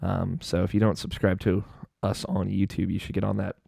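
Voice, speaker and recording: A man's voice: sits low, little pitch movement, a little fast, gravelly, dark tone, husky, no room sound, clean studio sound. A man hosting a gaming podcast, chatting casually and rambling with lots of fillers and restarts. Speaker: podcast host.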